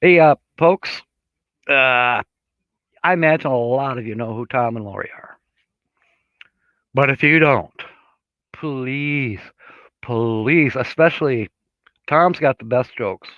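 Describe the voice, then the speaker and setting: A man's voice: medium pitch, no echo. A man hosting a casual live stream, chatting in a rambling, easygoing way and reading out viewer comments. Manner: slow, easygoing delivery with many fillers. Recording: dull lo-fi sound, dry room.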